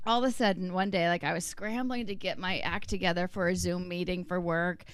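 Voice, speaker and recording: A woman's voice: lowish voice, fairly even intonation, brisk, smooth, dry recording. A woman guest telling a funny story in a casual chat, bubbly and giggly.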